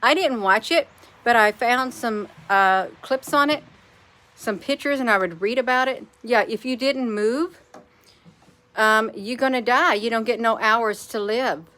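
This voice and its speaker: Woman, casual live-stream host; rambling and chatty, bright tone. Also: fairly high pitch, a little slow. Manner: rambling, chatty, addresses viewers as "you all".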